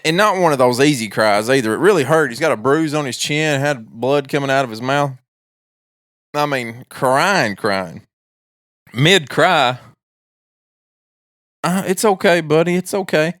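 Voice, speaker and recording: A man's voice: mid-range voice, measured pace, pauses often, fairly bright tone, no room sound, clean studio sound. A young adult man co-hosting a podcast, telling stories about his three-year-old son in casual chat and laughing at his own anecdotes. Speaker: podcast co-host.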